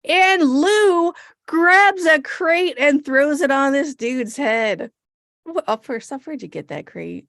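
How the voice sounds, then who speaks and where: A woman's voice: sits high, lively intonation, slow pace, gravelly, fairly bright tone, no echo, studio quality. A woman co-hosting a podcast, chatting casually and sarcastically about a TV episode, laughing often and swearing freely. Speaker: podcast co-host. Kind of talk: casual chat recapping a TV episode.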